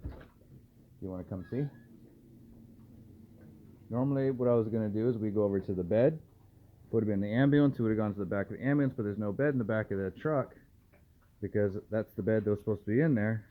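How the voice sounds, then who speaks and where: A man, a dog trainer, filming a casual vlog at home at night and softly murmuring to calm his dogs between remarks to the camera. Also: fairly low pitch, brisk, pauses often. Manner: soft, soothing murmurs to the dogs. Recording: tinny phone-like audio, faint hiss.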